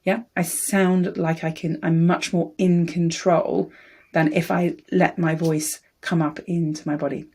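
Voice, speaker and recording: A woman coaching public speaking, explaining calmly and steadily and demonstrating voice techniques. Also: fairly low pitch, husky. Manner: calm, measured coaching with demonstrations. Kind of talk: speaking tips lesson to camera.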